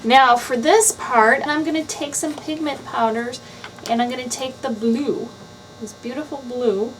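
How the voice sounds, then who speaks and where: Chatty woman crafter, bright upper voice. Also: sits high, unhurried, noisy background. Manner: casual step-by-step explaining. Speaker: craft channel host. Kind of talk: voice-over craft tutorial.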